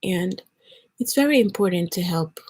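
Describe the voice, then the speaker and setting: A young Nigerian woman vlogs as she gets ready, telling the camera a story in an earnest, casual chat full of "likes" and restarts. Her voice sits on the low side, expressive and slightly rough, with a darkish tone at a normal speed.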